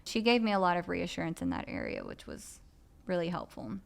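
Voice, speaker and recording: Smooth-voiced woman, candid and earnest. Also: on the low side, huge pitch swings, brisk. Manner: earnest, confessional, with frequent filler phrases. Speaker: podcast speaker on recovery steps. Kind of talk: candid personal podcast talk.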